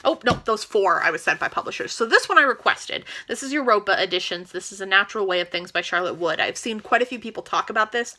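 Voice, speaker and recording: A woman's voice: medium pitch, pushed and bright. A woman chatting casually as a book vlogger, eager and gushing as she shows off new books. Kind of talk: casual book haul chat.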